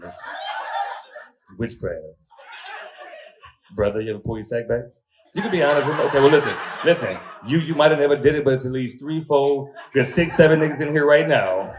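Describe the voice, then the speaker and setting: A male comedian working a crowd through a long story. His pitch is mid-range, and he swings into loud, high exclamations as he acts out the scene. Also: lively intonation, quick pace. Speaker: stand-up comedian. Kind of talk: stand-up storytelling.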